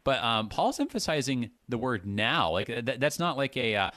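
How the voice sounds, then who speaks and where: A man's voice: medium pitch, animated, fairly bright tone, dry recording. Male host, Bible discussion, emphatic reader, dry recording. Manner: reads slowly with strong emphasis, then chats with fillers and restarts. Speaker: host reading and discussing scripture.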